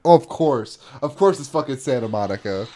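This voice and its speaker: A man's voice: mid-range voice, expressive, a little fast, dark tone, slight background noise. A young man co-hosting a podcast, making wry remarks in casual chat. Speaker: podcast co-host.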